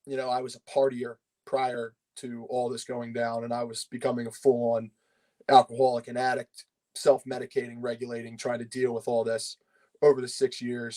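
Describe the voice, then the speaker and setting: A man's voice: mid-range voice, darkish tone, poor audio. A man in his thirties from Pennsylvania, speaking as a podcast guest. He tells his story in loose, casual talk full of fillers and frequent swearing. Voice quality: swears freely, rambling with fillers.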